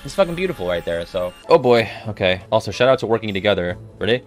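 A man giving casual gameplay commentary, excitable and quick to swear, yelping and exclaiming at the action. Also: low voice. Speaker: let's play commentator. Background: game music.

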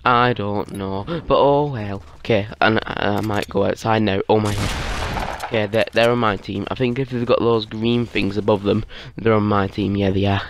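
A man's voice: on the low side, fairly even intonation, moderate pace, slight background noise. A man giving casual, rambling gameplay commentary, half asleep and easily startled. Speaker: gaming YouTuber.

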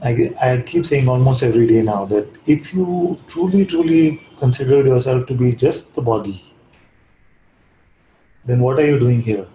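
A man giving a calm, reflective spiritual talk, telling a parable and often checking in with his listeners. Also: medium pitch, moderate pace, slight background noise. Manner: calm, reflective, keeps asking "you see?". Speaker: spiritual teacher. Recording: echoey room.

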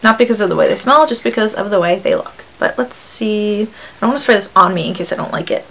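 A young woman chats her way through a beauty unboxing in a loose, upbeat manner. Her talk is casual, full of ums and likes. Her voice sits at a middle pitch for a woman. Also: expressive, quick pace, vocal fry, fairly bright tone, low-quality recording. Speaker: beauty vlogger.

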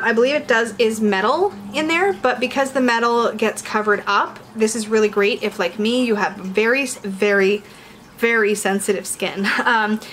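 A woman hosting a casual unboxing video at home, excitable and giggly, slipping into a sing-song voice. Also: on the high side, slight background noise, low-quality recording. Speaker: tarot reader and video host.

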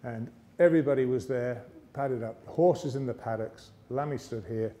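English male speaker, warm and mellow, lively anecdotal delivery to a live audience. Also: medium pitch, normal speed. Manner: lively yarn-spinning with character voices. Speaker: motivational speaker. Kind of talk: anecdotal storytelling speech. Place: arts centre stage, live audience.

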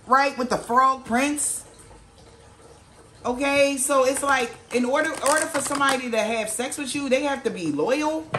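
In a slightly bright voice, a tarot reader gives an informal reading, with roomy acoustics and a little background noise. She swears freely and talks in slang, quoting people in a lowered voice as she acts out what they might say.

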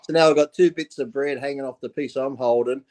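A man co-hosting a podcast, telling relaxed anecdotes with mild swearing. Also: mid-range voice, fairly quick, crowd noise. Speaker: podcast co-host. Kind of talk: casual storytelling.

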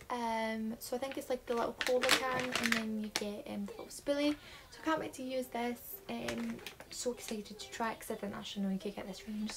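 A woman's voice: a little high, noisy background. A nineteen-year-old woman with a Scottish accent, chatting casually through a beauty haul with lots of um fillers. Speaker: beauty vlogger.

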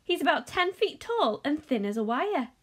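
A woman's voice: high-pitched, very animated, moderate pace, fairly bright tone, pitched above the performer's own voice. A woman voicing an astonished, exclaiming old grandfather from a children's novel.

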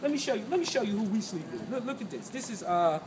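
A man's voice: high voice, big pitch swings, quick pace, noisy background. A man giving an emphatic, profane street rant, repeating himself and checking in with his listeners. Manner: emphatic, profane, repeats "you know what I'm saying". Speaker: host.

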